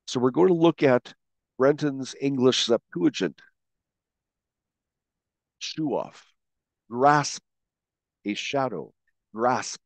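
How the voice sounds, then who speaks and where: A man teaching a Bible word study, slowly asking questions and stressing key words as he goes. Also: medium pitch, no room sound. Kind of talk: scripted teaching narration.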